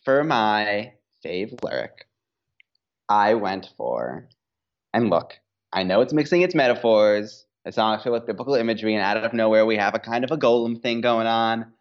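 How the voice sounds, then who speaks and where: A woman's voice: very deep voice, moderate pace. A woman guest on a podcast, chatting casually in a wry, joking manner. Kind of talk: casual chat. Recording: dull lo-fi sound.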